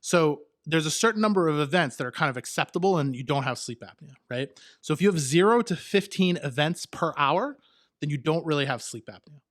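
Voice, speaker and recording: A man's voice: fairly high pitch, expressive, fairly quick, a bit bright, dry recording, clean studio sound. A middle-aged man co-hosting a podcast, telling a long self-mocking story in casual chat and checking in with "right?". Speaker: podcast co-host.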